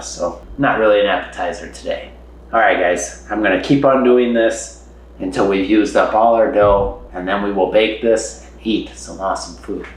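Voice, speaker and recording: A man's voice: on the low side, echoey room, rough recording. Upbeat man hosting a cooking vlog. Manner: upbeat, addresses viewers directly. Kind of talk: casual cooking demo. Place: home kitchen.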